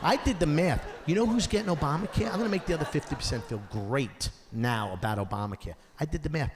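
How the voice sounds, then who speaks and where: A man performing a stand-up comedy set on stage, telling stories in an animated way and acting out the voices of the people in them. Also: fairly high pitch, quick pace. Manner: animated storytelling, acts out voices of others. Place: theater or school auditorium, live audience. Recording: live stage recording with long hall reverb and audience noise.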